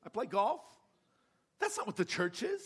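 A man's voice: high voice, very animated, moderate pace, a bit bright, breathy edge. A man preaching a sermon with passion, asking his congregation rhetorical questions. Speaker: pastor.

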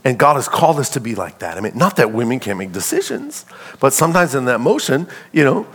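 A middle-aged pastor with a husky, mid-range voice preaches briskly, calling out to his congregation and acting out little scenes. His call-and-response style is animated and conversational.

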